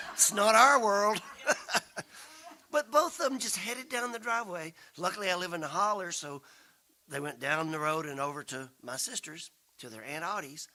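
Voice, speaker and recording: Speaking live from a spiritual center, a folk singer in his 60s shares meandering family tales that poke fun at himself, imitating the people he quotes. His voice is high, bright, and forceful at a normal speed, with a little hiss or hum in the audio.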